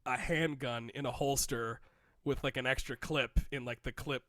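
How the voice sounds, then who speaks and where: A man's voice: mid-range voice, normal speed, dry recording, studio quality. A man in his thirties casually telling a rambling story on a podcast, acting out the people he quotes. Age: 30s. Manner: rambling, animated, acts out quotes. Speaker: podcast co-host.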